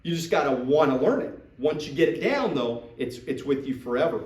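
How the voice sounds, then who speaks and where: A man's voice: a little high, brisk, echoey room, distant mic, rough recording. A man coaching recruits in a live talk to a group, acting out sales dialogues. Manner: animated, acts out sales dialogues. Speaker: business trainer coaching recruits.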